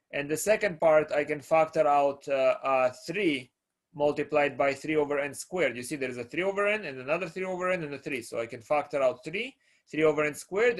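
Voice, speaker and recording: A man's voice: on the high side, a bit bright. A middle-aged man from Russia giving a calculus lecture in a conversational way, often checking that students follow. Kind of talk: classroom lecture.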